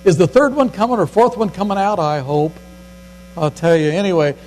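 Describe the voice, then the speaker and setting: An older man delivers a sermon in a high, folksy voice and acts out the scripture quotes. A faint mains hum runs under the recording. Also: fairly quick, darkish tone, low-quality recording. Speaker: pastor.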